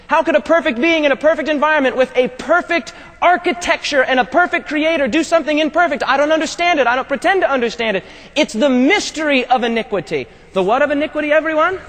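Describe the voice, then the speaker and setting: A man with a strikingly high voice preaches a sermon, often pausing to ask the congregation to fill in a word. His delivery swings from loud, urgent emphasis to low, hushed tones. The sound carries a long reverb, as if recorded in a large hall. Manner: call-and-response questions to the congregation.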